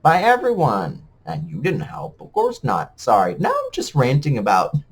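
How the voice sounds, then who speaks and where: A man's voice: medium pitch, huge pitch swings, moderate pace, husky. A man ranting bitterly and sarcastically to camera in a vlog. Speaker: vlogger. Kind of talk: emotional rant to camera.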